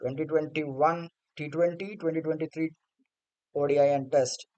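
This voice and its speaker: Man, cricket vlogger, blunt and sarcastic rant, high-pitched and smooth. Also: fairly even intonation, normal speed, mellow, highs cut off. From India. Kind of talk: opinion rant to camera.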